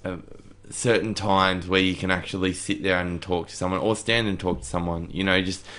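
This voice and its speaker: A man's voice: sits low, flat delivery, a little fast, a bit bright. A man talking as a podcast guest in casual chat, hesitant and full of fillers.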